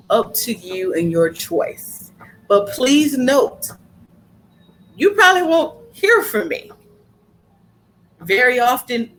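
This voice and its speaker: A woman's voice: fairly high pitch, slight background noise, rough recording. A woman hosting a casual podcast, talking emphatically and repeating her points for stress. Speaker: podcast host.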